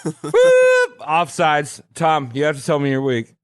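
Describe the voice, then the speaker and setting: A man's voice: a little high, fairly even intonation, normal speed, clean tone. A man co-hosting a podcast, joking around in playful banter. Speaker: podcast co-host. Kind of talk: casual chat.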